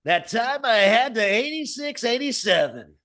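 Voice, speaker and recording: A man's voice: very high-pitched, big pitch swings, normal speed, pushed and bright, pitched above the performer's own voice, full character voice. A man putting on the voice of a brash, over-the-top male radio DJ, in a hammy announcer style. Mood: hyped. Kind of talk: impression of an old-school radio announcer.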